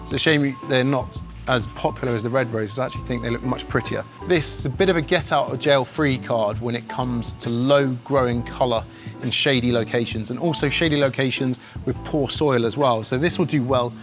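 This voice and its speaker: A man's voice: medium pitch, brisk. An enthusiastic man presenting gardening tips outdoors in a casual, chatty way, with jokey asides. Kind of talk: casual outdoor how-to demonstration. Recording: music bed under the voice.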